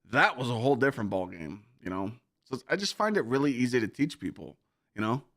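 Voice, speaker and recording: A man's voice: mid-range voice, animated, brisk, fairly bright tone, no echo, studio quality. Laid-back rambling male streamer. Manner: laid-back, rambling, swears, many "you know"s. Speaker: game streamer. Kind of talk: casual chat with stream viewers.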